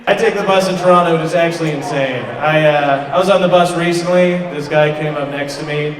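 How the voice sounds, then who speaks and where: A man's voice: a little high, fairly quick. A young man performing a self-deprecating stand-up comedy set at a party venue, often laughing at his own jokes. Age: young adult. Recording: echoey room with crowd laughter.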